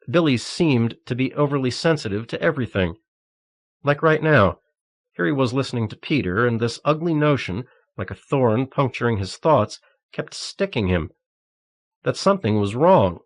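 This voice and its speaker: A man narrating an audiobook thriller in a steady, measured reading. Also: mid-range voice, no echo.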